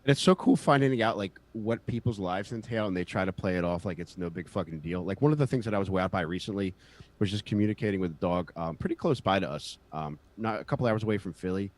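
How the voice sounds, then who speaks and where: A man's voice: deep voice, animated, fast talker. A man co-hosting a podcast, telling stories with casual enthusiasm and swearing. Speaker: podcast co-host.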